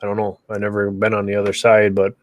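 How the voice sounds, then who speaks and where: A man's voice: fairly low pitch, monotone, fast talker, dry recording. Easygoing man hosting a homestead livestream. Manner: easygoing, talks viewers through joining the stream. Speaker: livestream host on a rural homestead. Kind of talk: casual livestream chat.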